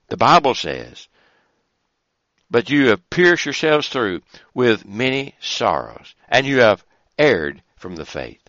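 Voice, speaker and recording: Emphatic preacher man, lively pitch. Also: takes it slowly, no echo, highs cut off. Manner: emphatic, rising to a fervent pitch on repeated phrases. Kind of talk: sermon.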